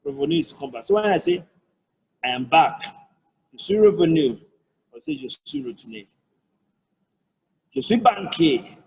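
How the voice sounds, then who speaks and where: This Nigerian-accented tutor has a high, gravelly voice with big pitch swings and a darkish, slightly rough tone, captured in a low-quality recording. Teaching French online, he patiently repeats and dissects each phrase, giving slow, careful examples.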